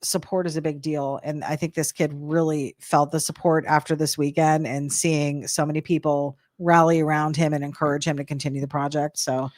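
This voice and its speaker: A woman's voice: deep voice, flat delivery, normal speed, hardly any pauses, a little mellow, dry recording, studio quality. A woman co-hosting a casual chat, upbeat and encouraging. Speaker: co-host.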